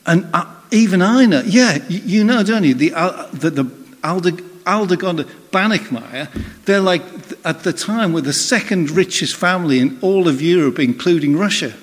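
A man with a high-sitting, expressive voice preaches a sermon at normal speed, telling personal anecdotes conversationally and acting out the voices of the people in his stories. A long hall reverb surrounds him.

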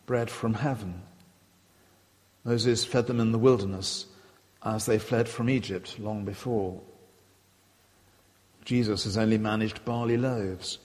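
Preacher, male, unhurried, reflective sermon voice with long church reverb. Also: mid-range voice. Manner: measured, reflective, quoting scripture aloud. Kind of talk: sermon retelling scripture.

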